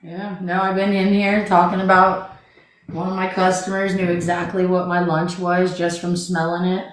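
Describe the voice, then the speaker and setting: A man's voice: high-pitched, little pitch movement, moderate pace. A man co-hosting a casual chat show, rambling and repeating himself as if worn out. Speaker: podcast co-host. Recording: very echoey room with faint noise.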